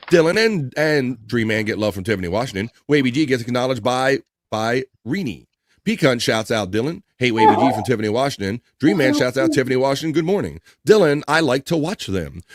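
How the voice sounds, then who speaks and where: A man hosting a casual live stream, reading out chat messages and greetings in a lively, chuckling way. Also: medium pitch, noisy background. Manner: lively, reads chat names aloud, chuckles often.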